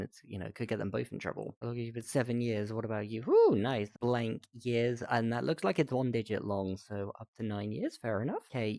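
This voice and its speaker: A young man reading chat screenshots aloud and reacting, laughing often, stumbling over restarts, with his voice jumping up high in disbelief. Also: darkish tone, dry recording, clean studio sound. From Britain. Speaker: streamer reading posts.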